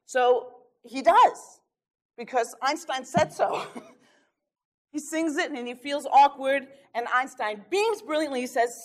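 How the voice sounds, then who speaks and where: Woman presenter, a touch high-pitched, spins an anecdote in a lively way to illustrate her talk. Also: normal speed. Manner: lively anecdotal storytelling with chuckles. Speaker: workshop speaker. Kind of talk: storytelling lecture.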